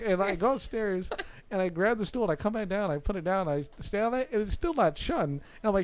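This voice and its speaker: A young man co-hosting a podcast, telling a story in a casual, animated, exasperated way and swearing often. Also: high-pitched, quick pace. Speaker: podcast co-host.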